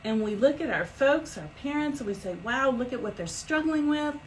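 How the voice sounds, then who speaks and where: A middle-aged woman hosting a live stream as an energy healer, talking in a chatty, animated way with big swoops in pitch. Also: normal speed, slight background noise, low-quality recording. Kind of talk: casual live-stream talk.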